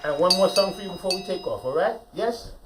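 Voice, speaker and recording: Animated male storyteller heard from a distance. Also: sits high, quick pace, heavy background noise. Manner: animated, playful, engages the audience. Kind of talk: live storytelling performance. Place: studio with a live audience. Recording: voice from a distance, faint ambience.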